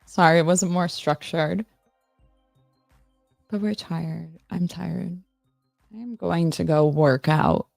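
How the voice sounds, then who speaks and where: Slow, gravelly-voiced woman chatting. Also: lowish voice, no echo, clean studio sound, soft background music. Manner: rambling, relaxed, self-mocking, answers chat. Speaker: live stream host. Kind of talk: casual live-stream chat.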